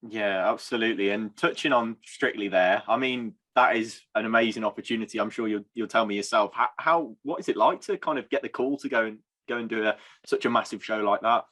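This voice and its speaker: A man's voice: lowish voice, fairly bright tone. Man hosting a podcast interview. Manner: brief encouraging backchannels and halting questions. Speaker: podcast host. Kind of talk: casual interview.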